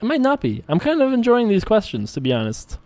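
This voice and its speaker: Playing online poker on his show, a young host keeps up joking, self-deprecating banter. He talks quickly in a high, darkish voice whose pitch swoops wildly.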